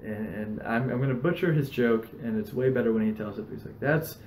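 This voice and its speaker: A man's voice: medium pitch, brisk, echoey room, a little hiss or hum, poor audio. A man hosting a casual podcast, telling stories with plenty of swearing. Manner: swears a lot, animated storytelling. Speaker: podcast host.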